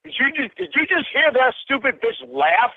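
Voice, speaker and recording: Furious man shouting down a phone line. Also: very high-pitched, sing-song, normal speed, breathy edge, dry recording. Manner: furious, swearing, accusing. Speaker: caller. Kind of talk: angry phone confrontation.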